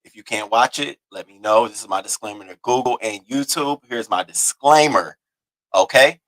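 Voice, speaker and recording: A man's voice: medium pitch, normal speed, a bit bright, low-quality recording. A man hosting a news commentary show, reacting bluntly and indignantly to a video in casual, profane talk. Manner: blunt, indignant, swears freely.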